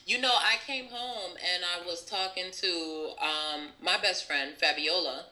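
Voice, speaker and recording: A woman's voice: fairly low pitch, fairly even intonation, unhurried, sharp tone, low-quality recording. A young woman hosting a podcast in a casual chat, enthusiastic and affirming, laughing often. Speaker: podcast host.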